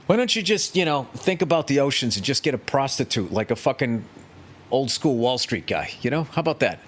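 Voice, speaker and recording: A man's voice: medium pitch, lively intonation, fairly quick, slight background noise. A man hosting a podcast, delivering a profane, sarcastic comedic rant monologue. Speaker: podcast host.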